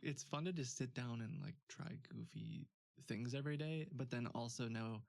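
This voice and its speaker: A man's voice: medium pitch, normal speed, creaky, no room sound. A man hosting a stream, chatting casually, laughing often, with many fillers. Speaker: streamer host. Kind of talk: casual chat.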